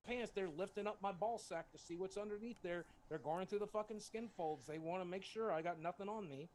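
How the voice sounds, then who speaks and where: A man's voice: high voice, a little mellow, a little hiss or hum. A man casually telling a personal story, candid and heavy on swearing. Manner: profane, candid, fast-talking.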